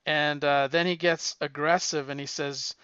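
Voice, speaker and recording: A man chats about what he has been reading, rambling and halting, with many restarts and fillers. His voice sits a little high and sounds bright and crisp. The recording is dry but slightly dull and lo-fi. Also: steady tone, dry recording. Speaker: podcast co-host reviewing comics. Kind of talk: casual chat.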